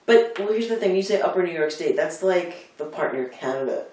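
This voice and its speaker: A man's voice: sits high, animated, brisk, darkish tone, distant mic. A man from Delaware County with a Philadelphia-area American accent, telling rambling, filler-heavy stories in a casual chat. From Delaware County, United States. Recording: echoey room, off-mic.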